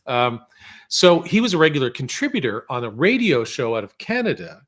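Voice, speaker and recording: A man in a podcast studio telling animated, humorous stories as a guest, sometimes slipping into voices for quotes. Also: medium pitch, a little fast. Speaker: podcast guest, former researcher and filmmaker. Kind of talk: casual storytelling chat.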